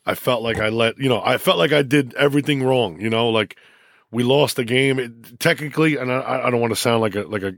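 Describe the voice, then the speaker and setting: A middle-aged man, a high school football coach, telling stories emotionally in a casual interview, with many restarts and repeats. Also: fairly quick, gravelly, fairly bright tone, no room sound, clean studio sound.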